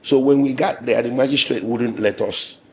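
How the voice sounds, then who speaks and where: Hoarse, gravelly man. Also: mid-range voice, a little hiss or hum. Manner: measured and indignant, with pauses and fillers. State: hoarse, losing his voice. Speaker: lawyer and interviewee. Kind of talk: interview recounting an ordeal.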